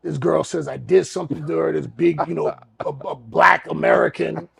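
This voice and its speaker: A podcast co-host spins a rowdy anecdote, swearing freely and acting out every beat. His voice sits fairly high for a man but comes out rough with a heavy fry and a husky edge. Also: moderate pace. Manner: animated, profane, acts out scenes. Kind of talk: casual storytelling.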